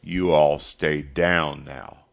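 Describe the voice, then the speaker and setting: A man voicing a big, calm farmhand who speaks quietly and firmly in a storybook reading. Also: very deep voice, extremely slow, vocal fry, full character voice. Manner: quiet, firm, urgent.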